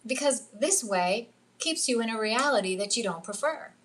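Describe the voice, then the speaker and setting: Fairly high-pitched, expressive and a bit bright, this middle-aged spiritual coach speaks at a moderate pace during a casual livestream from home at a jungle retreat. Her chatty style includes frequent "like"s and acted-out quotes.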